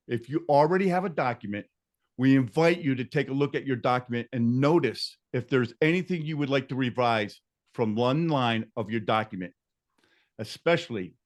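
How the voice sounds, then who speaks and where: An earnest man leads an online reading group over a video call. His voice sits at an ordinary middle pitch, and he is warmly encouraging, slowing down to repeat key questions so everyone can follow. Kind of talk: hosting an online book-club session.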